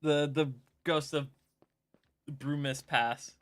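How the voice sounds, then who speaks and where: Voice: medium pitch, fairly even intonation, takes it slowly. A streamer in casual gaming chat, rambling and joking with frequent giggles.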